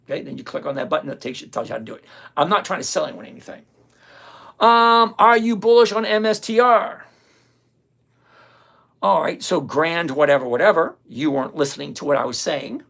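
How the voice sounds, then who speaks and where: Blunt, gravelly older livestream trading host. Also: mid-range voice, lively intonation, fairly quick, a bit bright. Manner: blunt, sarcastic, repeats himself for emphasis. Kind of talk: live-stream chat reading viewer comments.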